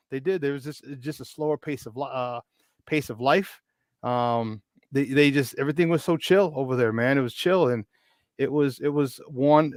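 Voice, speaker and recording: A man in his fifties, a podcast guest telling a story in a chatty, animated way. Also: medium pitch, no echo. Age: 50s. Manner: chatty, animated, with many restarts. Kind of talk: casual storytelling.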